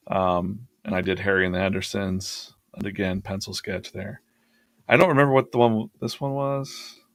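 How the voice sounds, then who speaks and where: A man's voice: fairly low pitch, vocal fry, no echo. A man hosting a drawing livestream, chatting casually and laughing as he rambles through his past sketches.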